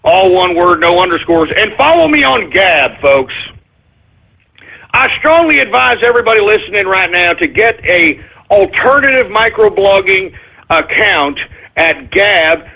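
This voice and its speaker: A man hosting a talk radio show, ranting loudly with shouted bursts and drawn-out emphasis on key words. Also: high voice, sing-song, vocal fry. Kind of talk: ranting internet radio monologue. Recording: tinny phone-like radio stream.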